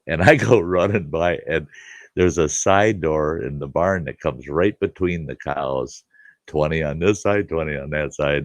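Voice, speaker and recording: A man's voice: extremely low pitch, dry recording. A middle-aged man telling a rowdy childhood farm story in a folksy, casual way, often laughing as he talks. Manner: folksy, laughs through his own tale. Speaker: storyteller host.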